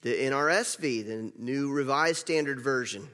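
A man's voice: mid-range voice, normal speed, hardly any pauses, sharp tone. A male pastor giving a conversational sermon, repeating phrases for emphasis. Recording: long reverb of a large hall.

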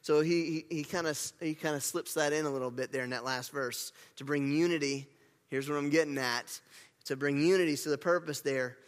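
A man preaching a sermon as pastor, animated and emphatic, with casual asides to the congregation. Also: fairly high pitch, a little fast. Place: church sanctuary. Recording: long hall reverb.

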